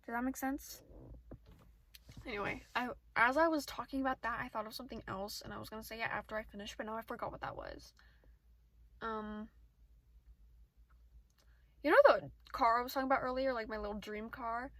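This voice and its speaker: Chatty teen girl rambling fast. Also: a little high, steady tone, a bit bright, rough recording. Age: teens. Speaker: vlogger. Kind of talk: casual rambling vlog. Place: outdoors, sitting in a parked car area.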